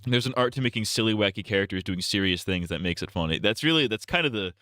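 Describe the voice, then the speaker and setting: A man's voice: lowish voice, lively intonation, quick pace, bright, forceful tone, no echo, studio quality. A young man streaming a game, chatting casually in a rambling, joking way with stammered restarts, on earbuds.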